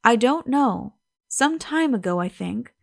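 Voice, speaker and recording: A woman's voice: on the high side, expressive, unhurried, gravelly, no echo, studio quality. Audiobook figure: flustered older lady of the house, read by a woman.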